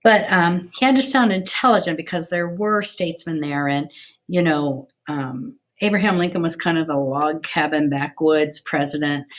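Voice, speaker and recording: Low-voiced woman teaching history casually. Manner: chatty, many ums, restarts. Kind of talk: casual video lesson.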